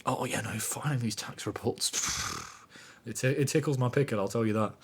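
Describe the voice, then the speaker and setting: A man's voice: mid-range voice, normal speed, husky. A man putting on an overly cheery male worker who gushes about dull jobs in a chirpy, laddish, mocking voice. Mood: mock-gushing.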